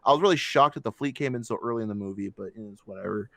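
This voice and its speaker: A man's voice: on the low side, quick pace, vocal fry, a bit bright, no echo. A man co-hosting a casual movie review podcast, ranting with heavy swearing and mocking voices. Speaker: podcast co-host.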